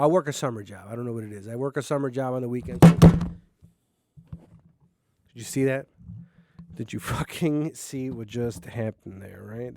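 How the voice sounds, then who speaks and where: A young adult man hosting a solo podcast from his basement, rambling, crude and quick to slide into angry rants. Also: mid-range voice, a little mellow. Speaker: podcast host. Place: home basement.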